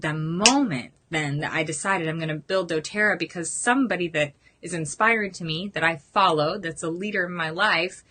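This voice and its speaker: Woman, 30s, lower-pitched but bright-toned, earnest team-leader pep talk. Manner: earnest and animated, addresses listeners as you guys. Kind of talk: motivational training talk.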